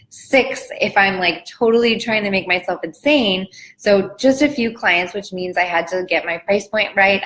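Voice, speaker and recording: A woman's voice: mid-range voice, fairly bright tone, rough recording. A woman in her thirties who works as a business coach, telling her own story in a casual, chatty way and saying "like" often. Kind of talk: casual personal talk.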